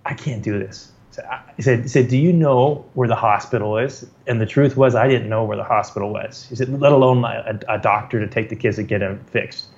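A middle-aged man from California tells a personal story in a relaxed, energetic way. He restarts his sentences and repeats words as he goes, with some self-deprecating humor, at a pitch typical for a man. The recording sounds a bit dull and muffled. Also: a little fast, vocal fry. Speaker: guest telling his story. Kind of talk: casual storytelling.

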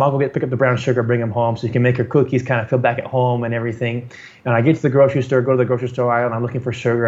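A man's voice: medium pitch, darkish tone. A middle-aged man from California telling a personal story in a casual way, often repeating words and restarting sentences, with some self-deprecating humor. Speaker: guest telling his story. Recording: slightly dull, muffled recording.

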